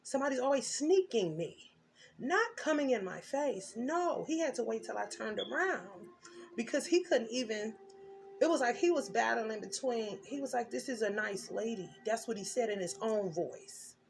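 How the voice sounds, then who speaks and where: A woman's voice: fairly high pitch, expressive, moderate pace, vocal fry, a little hiss or hum. A woman doing a tarot reading, telling her story intensely and emphatically with blunt slang. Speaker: tarot reader.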